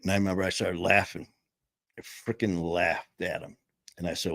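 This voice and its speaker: A man's voice: low voice, steady tone, normal speed, vocal fry, fairly bright tone, no echo. A middle-aged man candidly telling his own story in plain, casual words, swearing now and then. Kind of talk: personal storytelling.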